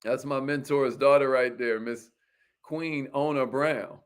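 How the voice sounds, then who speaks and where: A man hosting a motivational livestream, hyping viewers with repeated call-and-response lines and shout-outs to viewers. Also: mid-range voice, unhurried, clear, resonant tone. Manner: energetic, repetitive call-and-response hype with "y'all".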